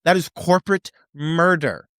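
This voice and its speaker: A man's voice: on the high side, a little slow, fairly bright tone, dry recording. Sardonic man with a dry close sound. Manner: sardonic and impassioned, mock-quoting officials in put-on voices. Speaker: podcast host. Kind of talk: opinionated commentary monologue.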